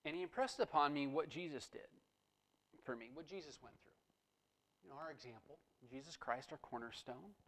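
A middle-aged male pastor preaching a sermon in a relaxed, storytelling way. His voice sits a little higher than most men's. Now and then it swells into emphatic bursts. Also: normal speed, poor audio.

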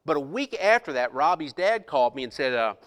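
In a church's large hall, a middle-aged male pastor tells his congregation a personal story as sermon testimony, with frequent restarts and quoted lines. He speaks fairly quickly in a sing-song, fairly high, fairly bright voice.

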